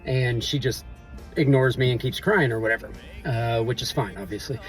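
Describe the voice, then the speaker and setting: A man's voice: mid-range voice, normal speed, faint music behind. A middle-aged man vlogging, telling a story in a rambling, offhand way full of loose filler phrases. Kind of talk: casual storytelling to camera. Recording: voice a bit distant from the mic.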